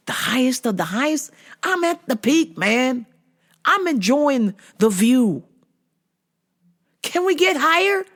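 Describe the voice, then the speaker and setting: A woman hosting a show, telling stories in a casual monologue, blunt and full of profanity. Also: on the high side. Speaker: host.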